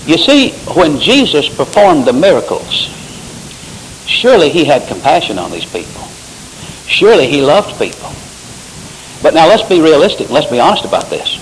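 A preacher delivers a sermon, his voice a bit high and very lively, leaping up in emphatic bursts as he quotes scripture. A faint hiss sits under the recording. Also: normal speed, rough recording.

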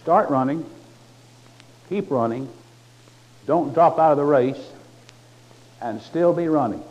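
A man's voice: fairly high pitch, slow pace, a little mellow. A man preaching a sermon in a folksy, conversational way with touches of humor. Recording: muffled lo-fi recording.

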